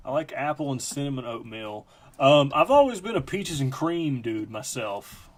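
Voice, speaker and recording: A man's voice: mid-range voice, expressive, normal speed. A man hosting a live stream, telling a rambling, profane story in a casual chat. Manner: rambling, profane, lots of fillers.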